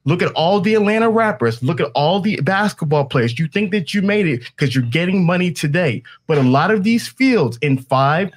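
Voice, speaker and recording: A man's voice: high voice, animated, moderate pace, hardly any pauses. A man hosting a podcast panel, lecturing his guests with emphatic, repetitive phrasing. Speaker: podcast host.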